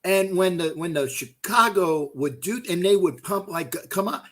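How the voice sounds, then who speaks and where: A middle-aged man rants as a sports fan host, swearing freely and circling back over the same points. His voice is fairly high and sharp-edged, and it keeps flaring up into loud bursts. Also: a little slow. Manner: profane, fired-up, loud outbursts, repeats himself. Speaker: host of a fan call-in show. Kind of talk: heated casual fan rant.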